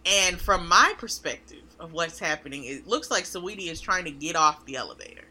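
A woman co-hosting a podcast in casual chat, emphatic and animated. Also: on the low side. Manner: animated, emphatic, drawn-out pauses. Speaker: podcast co-host.

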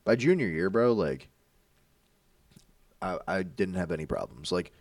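Young man, low-ish voice, lively storyteller, swears freely, a bit off-mic in a dry room. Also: measured pace, no echo, far from the mic. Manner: animated, acts out quoted voices, swears a lot. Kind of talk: casual storytelling chat.

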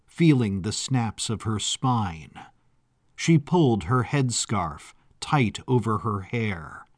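A man reading a historical story as scripted narration, in a measured, deliberate way. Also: medium pitch, no echo, studio quality.

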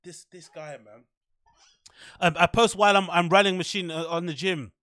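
A man's voice: high-pitched, fairly even intonation, moderate pace, sharp tone, no echo, studio quality. A man hosting a solo podcast, reading posts aloud and mocking them sarcastically while fighting hiccups. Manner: sarcastic, mocking, laughing at what he reads. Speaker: podcast host.

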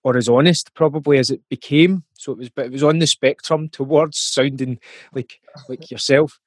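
A man's voice: mid-range voice, steady tone, moderate pace, dry recording. Scottish man, thoughtful and dry-voiced. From Scotland. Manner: thoughtful, with frequent ums and restarts. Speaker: musician guest. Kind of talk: casual interview talk.

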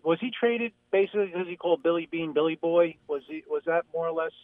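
Halting male caller on a phone line. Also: on the high side, no room sound. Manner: halting, many restarts, rueful. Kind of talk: casual call-in chat. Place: New York City.

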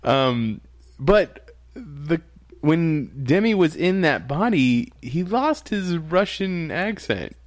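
A relaxed, talkative man hosts a podcast, chatting about a TV episode. He laughs easily and often trails off and starts again. His voice is recorded close and dry, with no room sound. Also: on the high side, takes it slowly, no echo. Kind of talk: casual chat reviewing a TV episode.

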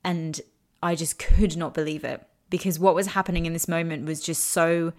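A young woman with a low voice tells her own story straight to the camera. She speaks candidly and emotionally, swearing freely as she goes. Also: steady tone, moderate pace. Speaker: recovery storyteller. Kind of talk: personal storytelling.

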